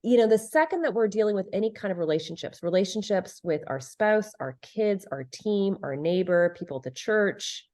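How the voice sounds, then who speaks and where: A woman's voice: mid-range voice, expressive, moderate pace, few pauses, a little mellow. A middle-aged woman, a leadership and relationship expert, talking as a podcast guest in an earnest, emphatic way. She repeats phrases for stress and acts out quoted lines. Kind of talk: conversational podcast interview.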